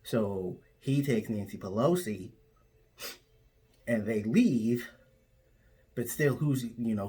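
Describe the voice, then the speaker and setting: A man's voice: mid-range voice, husky. A man telling an absurd made-up story in a straight, matter-of-fact comic way. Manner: absurd tall tale told matter-of-factly.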